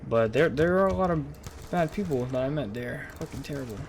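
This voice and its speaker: A man's voice: medium pitch, expressive, a little fast, a little hiss or hum. A young man telling a casual, rambling story straight to his viewers, full of swearing and incredulous outbursts. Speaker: vlogger.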